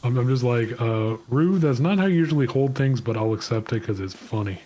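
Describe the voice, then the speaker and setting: A man chatting casually while gaming, telling halting, rambling stories full of fillers. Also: medium pitch, expressive, warm tone. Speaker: game stream co-player. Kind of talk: casual chat.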